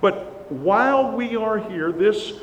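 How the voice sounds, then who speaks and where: A man with a somewhat high voice preaches with earnest emphasis, leaning hard into the words he stresses. His voice rings out in a church sanctuary with a long reverb tail. A faint hiss sits under the recording. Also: lively intonation, takes it slowly, muffled recording. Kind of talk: sermon.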